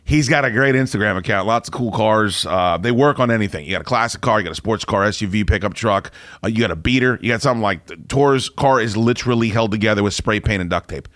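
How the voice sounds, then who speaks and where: A man hosting a talk radio show, ranting in a loud, profane way and laughing between lines. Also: lowish voice, quick pace, no echo, studio quality.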